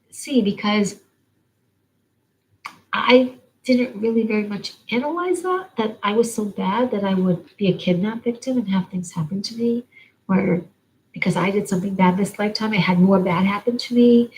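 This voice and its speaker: An older woman reading oracle cards, talking in a meandering, earnest way and sometimes dropping into a soft whisper. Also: on the high side, moderate pace, poor audio. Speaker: oracle card reader. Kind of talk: spiritual monologue.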